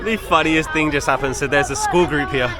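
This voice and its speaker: A man's voice: fairly high pitch, brisk. A young man casually narrating a travel vlog outdoors as he walks, chatty and easygoing, talking straight to his viewers. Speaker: travel vlogger. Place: outdoors on city streets. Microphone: handheld camera while walking. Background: faint street and traffic noise.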